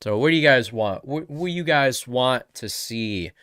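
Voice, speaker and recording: A man's voice: mid-range voice, expressive, normal speed, fairly bright tone, clear, resonant tone, dry recording, studio quality. A man streaming a live reaction, talking casually and rambling with frequent backtracking.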